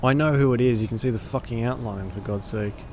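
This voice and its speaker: A man's voice: mid-range voice, brisk, darkish tone, a little hiss or hum. A man streaming a story game, reading its narration aloud with dramatic flair and breaking off for cursing asides.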